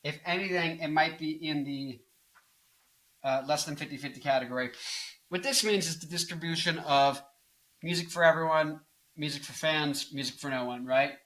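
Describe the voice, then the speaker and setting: Brief: early-20s male rock singer vlogging late at night, tired, zany, bright forceful voice. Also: a little high, normal speed, rough recording. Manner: zany, bursts into loud off-key singing and mock anger. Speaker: rock singer and guitarist, channel host. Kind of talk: casual talking-head music commentary.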